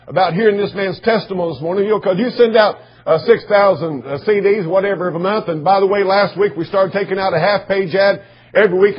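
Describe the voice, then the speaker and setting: A middle-aged man preaching a sermon as pastor, emotional, going from soft and teary to shouting. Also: high-pitched, quick pace, slightly rough. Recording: dull lo-fi church recording.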